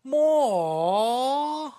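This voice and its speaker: A man putting on a meek, begging orphan boy with a thick English accent, loud and drawn out. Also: very high-pitched, big pitch swings, extremely slow, dry recording, studio quality, pitched above the performer's own voice, full character voice. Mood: pleading.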